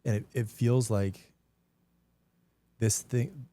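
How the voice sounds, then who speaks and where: A man's voice: mid-range voice, takes it slowly, dark tone. A man talking as a podcast guest in a casual, earnest conversation, reflective and prone to restarting his sentences.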